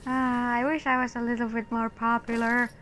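A woman's voice: a little high, flat delivery, normal speed, fairly bright tone, soft background music. A woman giving casual, exasperated commentary while playing a video game, talking to the enemies on screen. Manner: chatty, exasperated, talks to enemies. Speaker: gamer.

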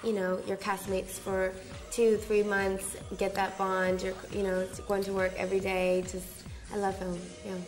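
A woman's voice: mid-range voice, monotone, unhurried. A young woman who acts and dances, chatting in an interview and calling out dance moves in a bubbly way. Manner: bubbly, counts out dance moves with sound effects. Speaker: actress and dancer, interview guest. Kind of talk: casual interview chat, dance teaching. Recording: roomy studio with background music.

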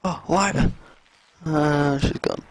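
A young man streaming a video game, reacting live with excitable exclamations and swearing at what happens on screen. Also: a little high, slow pace, faint music behind, poor audio. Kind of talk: live gameplay commentary.

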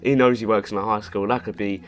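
A man's voice: fairly low pitch, steady tone, quick pace. Sweary sarcastic gaming guy. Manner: sarcastic, sweary running commentary. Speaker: gaming YouTuber. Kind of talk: gameplay commentary.

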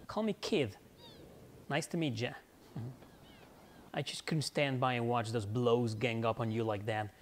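A man's voice: medium pitch, moderate pace, slight background noise, natural voice. A man voicing a cocky teenage girl thief in a mock British accent, brash and teasing.

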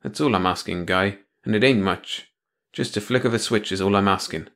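A man voicing a thin, condemned prisoner in an audiobook reading, speaking in rough, slangy street talk as he pleads. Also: fairly low pitch, fairly quick, a bit bright. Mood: pleading.

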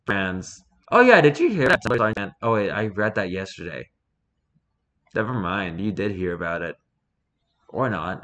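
A man's voice: on the low side, fairly bright tone. A man reading posts aloud in a rambling, jokey vlog commentary, swearing casually.

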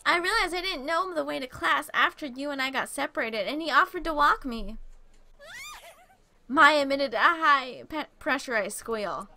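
A young woman with a high, animated voice reads a dating game aloud as a let's play host, speaking at a moderate pace in a pushed, bright tone. She adds playful, giggly commentary and does silly voices for the characters.

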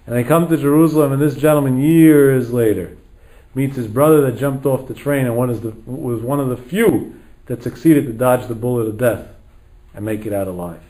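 Male rabbi, mid-pitched voice, dramatic storyteller who acts out every line of dialogue. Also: moderate pace, mellow, rough recording. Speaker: rabbi lecturer. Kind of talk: storytelling sermon.

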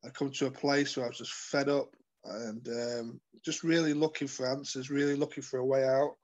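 A man telling his life story as an interview guest, earnest and halting, with many fillers and restarts. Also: mid-range voice, level tone, a little mellow, highs cut off. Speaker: guest sharing his testimony. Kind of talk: personal testimony in conversation.

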